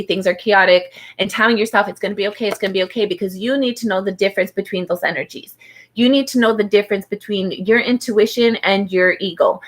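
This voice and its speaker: A woman giving a live-streamed tarot reading in a chatty, heartfelt way, often saying "like" and speaking to viewers by name and star sign. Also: mid-range voice. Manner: chatty, heartfelt, fills speech with "like". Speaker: tarot reader.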